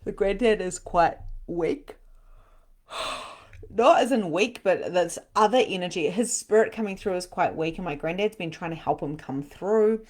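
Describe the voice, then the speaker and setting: Speaking at a moderate pace in a lowish voice, a middle-aged woman leads a casual live-streamed channeling session as a medium. She keeps it chatty, laughing frequently and now and then erupting with excitement.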